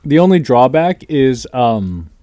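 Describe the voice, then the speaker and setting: A man's voice: mid-range voice, very animated, slow pace, warm tone, dry recording. A man co-hosting a casual podcast, jokey, with fillers and frequent laughs. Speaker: podcast co-host. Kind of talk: casual chat.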